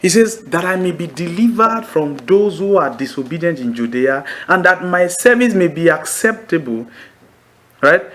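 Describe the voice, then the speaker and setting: A man preaching a sermon in a lively, animated way, calling out questions for the congregation to answer. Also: high voice, reverberant. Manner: animated, calls for congregation responses.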